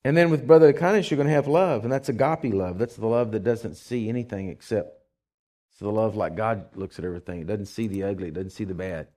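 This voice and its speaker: A man's voice: on the low side, quick pace, dark tone. A man who is a pastor, preaching a conversational sermon in a church, with rising bursts of energy.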